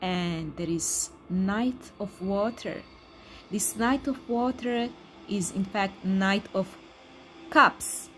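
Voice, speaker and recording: A woman who speaks English as a second language, giving a tarot card reading in an emphatic, repetitive way with excited exclamations. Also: mid-range voice, slow pace, slight background noise. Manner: non-native English speaker. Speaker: tarot reader.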